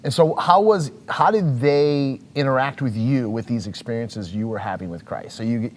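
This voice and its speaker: A man's voice: medium pitch, moderate pace. A man co-hosting a church podcast, chatting casually with a guest in a playful, teasing way and laughing often. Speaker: podcast co-host. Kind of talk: casual interview chat.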